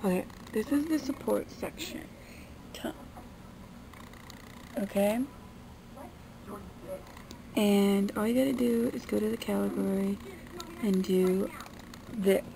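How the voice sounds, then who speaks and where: A woman's voice: mid-range voice, slow, gravelly, pauses often, background noise. A young woman vlogger talking bluntly and defensively, swearing freely in a casual rant. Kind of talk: casual ranting vlog.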